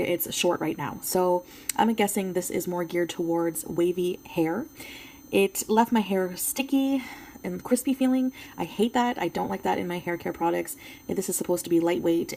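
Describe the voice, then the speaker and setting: A French Canadian woman talks through a casual makeup review, with a fairly low, gravelly voice. She is chatty and hesitant, with lots of ums. There is a faint hiss of room noise behind her. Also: darkish tone, poor audio. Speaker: beauty vlogger.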